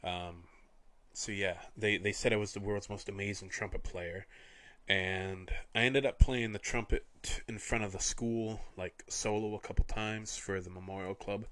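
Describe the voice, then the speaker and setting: A young man from Canada hosting a podcast, telling wry, rambling anecdotes in a deadpan way. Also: fairly low pitch, moderate pace. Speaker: podcast host. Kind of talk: casual storytelling.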